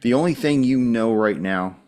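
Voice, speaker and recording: A man narrating a tabletop game as game master, steady and descriptive. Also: medium pitch, normal speed.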